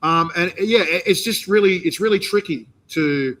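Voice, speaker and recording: A man with an Australian accent hosting a casual interview, talking in a rambling, animated way with many restarts. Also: high-pitched, normal speed, rough recording. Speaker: interview host and competition organizer. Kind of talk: casual interview chat, live stream.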